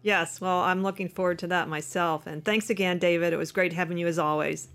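A woman's voice: on the low side, steady tone, a little fast, fairly bright tone, faint music behind. A woman host who wraps up the interview, thanks her guest and signs off to her listeners. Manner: friendly sign-off, thanks the guest. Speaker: podcast host. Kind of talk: closing an interview.

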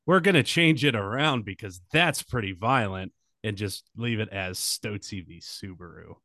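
A low-voiced man hosting a laid-back comedic podcast. He rambles through his setups with plenty of "uh" and "um," and his voice is close and dry. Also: normal speed, sharp tone, no room sound. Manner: rambling with many fillers. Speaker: podcast host. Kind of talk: casual comedic podcast chat.

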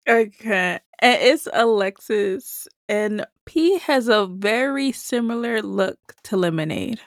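A young woman co-hosting a casual podcast, playful and quick to laugh. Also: mid-range voice, lively intonation, no echo, clean studio sound. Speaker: podcast co-host.

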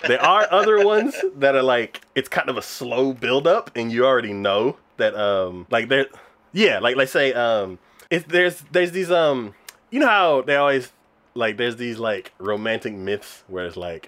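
A man's voice: medium pitch, animated, unhurried, fairly bright tone. A man casually recapping a show's scenes, with many fillers and frequent laughter. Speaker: podcast co-host reviewing anime. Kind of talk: casual chat.

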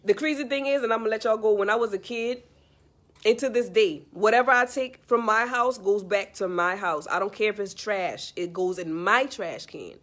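A woman's voice: medium pitch, normal speed, a bit bright. A woman in a casual, heartfelt monologue giving life advice straight to the listener, earnest and repetitive.

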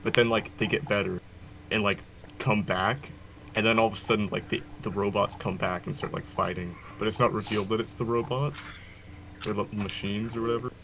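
A man's voice: fairly low pitch, fairly even intonation, brisk, vocal fry, a bit bright, a little hiss or hum, poor audio. A teenage boy on a podcast, rambling hesitantly with lots of fillers. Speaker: podcast co-host. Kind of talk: casual late-night chat.

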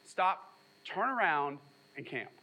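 A man's voice: fairly high pitch, normal speed, rough recording. A man preaching a sermon as pastor, reading scripture and retelling it with casual asides and jokes. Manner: animated storytelling with asides and jokes.

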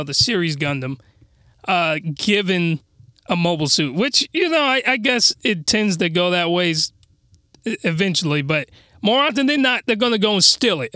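High bright guy ranting about anime, slangy and worked up, dry close sound. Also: no room sound. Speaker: anime reviewer. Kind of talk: casual review monologue.

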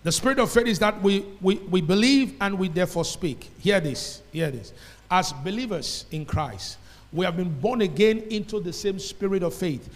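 A man's voice: sits high, long reverb tail. A man with a Nigerian accent preaching a sermon as pastor, emphatic and repeating his phrases, sometimes slipping into pidgin.

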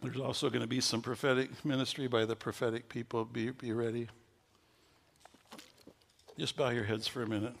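Gravelly-voiced man preaching a sermon. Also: mid-range voice, normal speed, pauses often. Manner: storytelling, growing loud and excited at the climax. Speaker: pastor.

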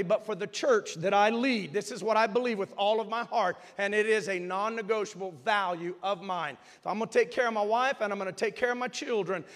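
High-voiced preaching pastor, man. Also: long reverb tail. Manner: preaching, swings from quiet teaching to shouted exhortation. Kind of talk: sermon. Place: church sanctuary.

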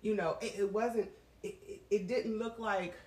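Animated woman, distant and roomy. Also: medium pitch, moderate pace. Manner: animated, frank and profane, swings between laughter and strain. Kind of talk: candid casual chat. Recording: roomy sound from a distant mic.

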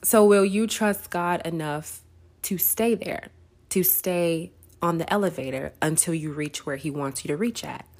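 A woman's voice: on the low side, unhurried, a little mellow. A woman hosting a faith podcast, telling a story in a casual, chatty way, often asking "right?" and laughing. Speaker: podcast host.

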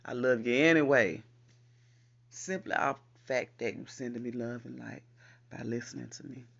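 Host voice: a man with a husky, gravelly tone, leading affirmations, lo-fi recording. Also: medium pitch, steady tone, fairly bright tone. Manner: repeats lines slowly for emphasis, encouraging. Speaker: podcast host. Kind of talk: spoken affirmations.

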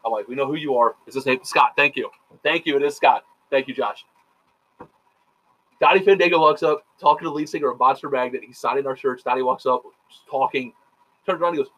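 Man, podcast host, casual chat, rapid-fire storytelling, profane, mid pitch. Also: expressive, bright, forceful tone, breathy edge, low-quality recording. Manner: rapid, profane storytelling full of quoted dialogue.

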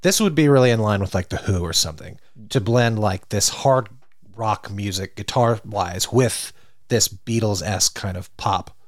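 A man's voice: lowish voice, normal speed, dry recording, studio quality. A young man co-hosting a casual music podcast, rambling through his opinions with lots of "like" and "kind of". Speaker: podcast co-host. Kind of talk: casual music review chat.

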